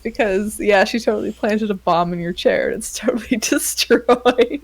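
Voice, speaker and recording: A woman's voice: mid-range voice, normal speed. A woman hosting a casual podcast chat, rambling with lots of fillers and frequent laughter. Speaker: podcast host.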